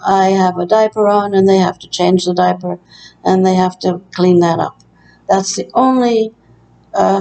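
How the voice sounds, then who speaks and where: A woman's voice: mid-range voice, dark tone, rough recording. A woman in her room at a care facility, telling her story in an earnest, aggrieved way with frequent hesitations. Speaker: long-term care resident. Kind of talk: personal testimony vlog.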